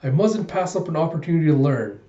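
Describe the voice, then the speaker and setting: Brief: man putting on a prim, earnest young wife, higher voice, echoey room. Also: very animated, fast, warm tone, highs cut off. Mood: flustered. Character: polite, flustered young wife.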